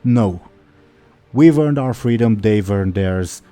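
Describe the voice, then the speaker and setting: A man's voice: fairly low pitch, expressive, slow, mellow. A man voicing a stern old male orc first officer in a tabletop game. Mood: firm.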